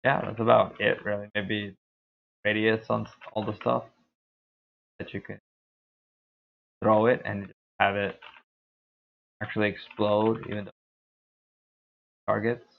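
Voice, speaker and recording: Deep gravelly man, tinny stream audio. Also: flat delivery, unhurried, pauses often, a little hiss or hum. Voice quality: deep, dark voice. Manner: laid-back, rambling, thinking aloud. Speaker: game streamer. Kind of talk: casual gameplay commentary.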